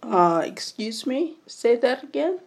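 A woman's voice: on the high side, big pitch swings, slow pace, darkish tone. A woman co-hosting a talk show, musing aloud with hesitant, filler-filled chat.

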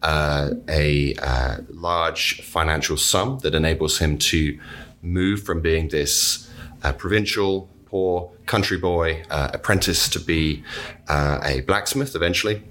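A British man, a literature teacher, answering interview questions thoughtfully with many pauses and fillers. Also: a bass voice, a bit bright. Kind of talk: conversational interview.

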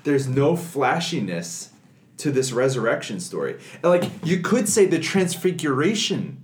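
A man co-hosting a casual faith podcast, telling scripture stories in an animated way and laughing often. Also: mid-range voice, unhurried, roomy sound. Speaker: podcast co-host.

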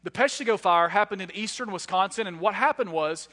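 A man in his thirties preaching a sermon in a reverberant hall. His voice sits high and sounds bright and forceful. He tells animated, self-deprecating stories between points. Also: fairly quick. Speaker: guest preacher. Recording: echoey hall.

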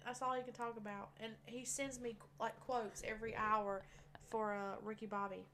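A woman's voice: on the high side, flat delivery, normal speed, fairly bright tone, a little hiss or hum. A woman with a Southern US accent co-hosting a podcast, rambling casually with fillers and giggles. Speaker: podcast co-host. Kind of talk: casual chat.

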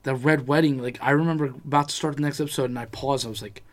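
A man in casual chat about a TV series, animated and swearing heavily as he acts out his own reactions. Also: medium pitch, quick pace.

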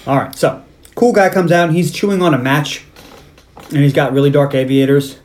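A man's voice: a little high, a little fast, a little mellow. A man co-hosting a movie podcast, recapping scenes in a casual chat and acting out quoted lines. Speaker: podcast co-host.

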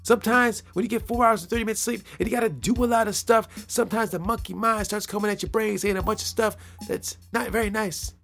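Gravelly guy rambling on his podcast, jokey, keeps repeating himself. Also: sits high, steady tone, fast, few pauses, a bit bright, soft background music. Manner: playful, rambling, repeats phrases, laughs at own jokes. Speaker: podcast host. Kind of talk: casual solo podcast monologue.

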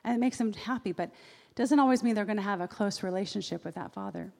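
A woman's voice: medium pitch, quick pace, vocal fry, darkish tone. A woman preacher giving a sermon in a conversational way, with personal asides. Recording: long reverb of a large hall.

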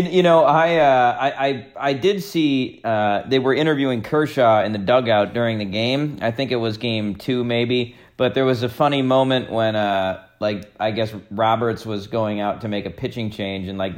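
A man's voice: mid-range voice, normal speed, few pauses. A man co-hosting a podcast, talking casually with hesitant restarts and stammers. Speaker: podcast co-host. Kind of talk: casual chat.

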